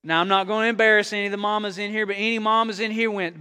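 A man preaching a sermon to a congregation in a conversational, folksy way, swinging between loud rises and quiet drops. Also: sits high, steady tone, very fast, few pauses, smooth. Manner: folksy, playful asides to the congregation. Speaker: pastor. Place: church in front of a congregation.

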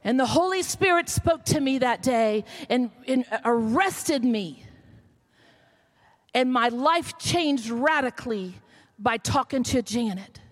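A woman's voice: a little high, lively intonation, slow. A middle-aged woman pastor, telling a story in a sermon that builds to emphatic calls.

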